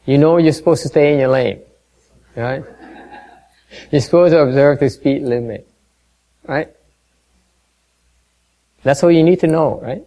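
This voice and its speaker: A man giving a dharma talk to a meditation class, halting and full of fillers, quizzing and gently teasing his listeners. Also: fairly high pitch, low-quality recording. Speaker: meditation teacher.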